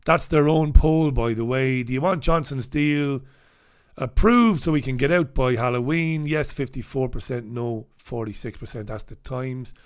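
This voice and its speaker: A man's voice: mid-range voice, moderate pace, smooth. A man hosting a casual live newspaper review, sardonic and swearing freely as he reads headlines and viewer comments aloud.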